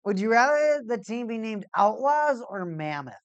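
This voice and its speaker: A woman's voice: a little high, very animated, moderate pace, no echo, dull audio. Rambling, jokey woman streamer, dry sound. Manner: rambling, jokey, repeats herself. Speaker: livestream host. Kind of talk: casual hockey watch-party chat.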